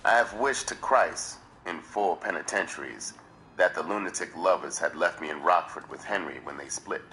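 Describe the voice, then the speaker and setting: A man reading a memoir aloud on a livestream with measured, dramatic storytelling. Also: low voice, pushed and bright, a little hiss or hum, rough recording. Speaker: livestream reader.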